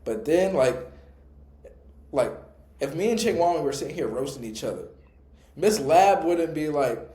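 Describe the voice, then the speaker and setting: A young adult man co-hosting a podcast, telling stories in a relaxed, slangy, reflective way. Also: on the high side, moderate pace, pauses often, echoey room. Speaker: podcast co-host. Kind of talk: casual storytelling.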